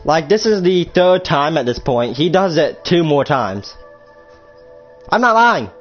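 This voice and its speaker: A young man tells a storytime tale in a loose, rambling way, swearing freely and tripping over his own restarts. His voice sits slightly high. The recording sounds dull and lo-fi, with faint music underneath. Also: lively intonation, a little slow. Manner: rambling, profane, full of fillers and restarts. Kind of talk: casual storytime.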